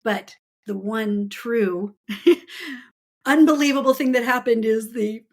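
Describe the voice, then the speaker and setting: A woman's voice: a little high, takes it slowly. A woman author as a podcast guest, telling stories with enthusiasm and frequent laughter in casual chat. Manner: enthusiastic storytelling, laughs often.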